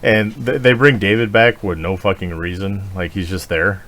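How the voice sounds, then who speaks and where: A man's voice: deep voice, moderate pace, slight background noise. A man co-hosting a podcast in casual chat, ranting with lots of swearing and laughter. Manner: profane, animated, laughing rants. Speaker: podcast co-host.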